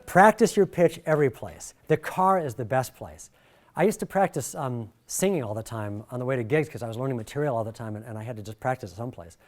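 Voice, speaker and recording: A middle-aged man leading a workshop, talking in a jokey, animated way and swinging his pitch and volume a lot. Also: fast talker. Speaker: workshop presenter. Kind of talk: lively workshop talk.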